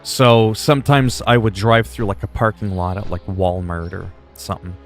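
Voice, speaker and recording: A man's voice: lowish voice, fairly even intonation, moderate pace, soft background music. A man hosting a casual gaming livestream, rambling through funny stories and swearing freely. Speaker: livestream host. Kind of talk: casual gaming stream chat.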